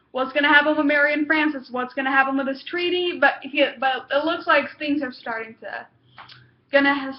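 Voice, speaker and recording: A young woman with a high voice gushes through a casual TV episode review, her talk packed with fillers and excited exclamations. The sound is dull and lo-fi, with a noticeable room echo. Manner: gushing, excitable, lots of fillers.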